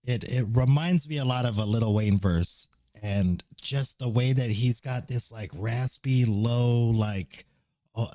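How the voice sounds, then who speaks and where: A man's voice: mid-range voice, slow pace, dark tone, dry recording. A man streaming live, reacting to a song in casual, enthusiastic commentary full of swearing and restarts. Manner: enthusiastic, profane, rambling with restarts.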